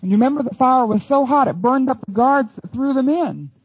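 A woman's voice: sits high, a little fast, husky, no room sound, muffled recording. A woman teaching the Bible in an earnest, emphatic sermon.

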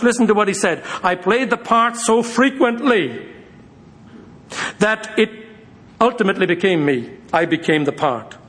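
A male pastor preaching a sermon to his church, speeding through quick asides and slowing down hard for emphasis. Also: high-pitched. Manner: lively preaching, shifting between quick asides and slow emphasis.

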